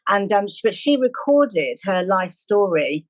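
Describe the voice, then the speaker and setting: Animated woman, dry close sound. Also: mid-range voice, measured pace, dry recording, poor audio. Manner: animated, opinionated, ranting at times. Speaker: podcast co-host. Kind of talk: casual chat.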